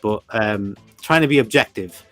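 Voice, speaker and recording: A man in his forties co-hosting a livestream, relaxed and easygoing, reading viewer comments aloud. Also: on the low side, moderate pace, faint music behind. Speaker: livestream co-host. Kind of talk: casual chat.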